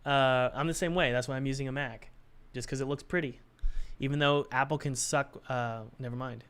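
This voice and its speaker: A man's voice: mid-range voice, fairly bright tone. A young man chatting casually on a live stream, joking and thinking aloud while he works on his game.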